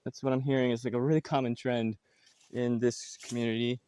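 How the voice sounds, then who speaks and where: A man's voice: mid-range voice, flat delivery, a little fast, dark tone, a little hiss or hum. A man giving a casual outdoor tour of his farm, talking loosely with many fillers and restarts. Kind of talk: casual walking tour narration.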